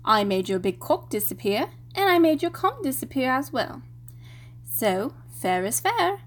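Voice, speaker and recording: A woman's voice: high voice, sing-song, heavily acted. A woman playing a teasing young student witch. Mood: playful.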